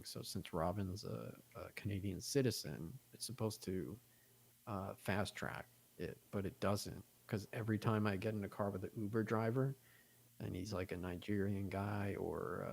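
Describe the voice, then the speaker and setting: A man with a low, gravelly voice talks on a podcast. He rambles loosely and chattily, piling on fillers as he tells his stories. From United States. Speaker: podcast guest. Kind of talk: casual podcast chat.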